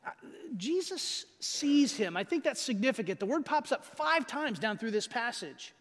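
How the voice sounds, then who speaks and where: A man preaching a sermon with a strikingly high voice, his words trailing into the long reverb of a big church hall. He talks in a conversational way, slows down hard on the phrases he wants to land, and keeps asking his listeners if they follow. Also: big pitch swings, a bit bright. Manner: emphatic, slows down to stress key phrases; conversational, asks the audience questions. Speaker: pastor.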